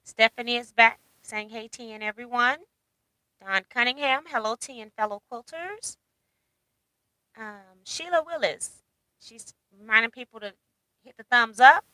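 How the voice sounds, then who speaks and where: A woman's voice: a little high, measured pace, sharp tone, dry recording, poor audio. A woman hosting a casual livestream, reading out viewer comments and chatting with a laugh. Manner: chatty, laughs often, reads comments aloud. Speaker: livestream host.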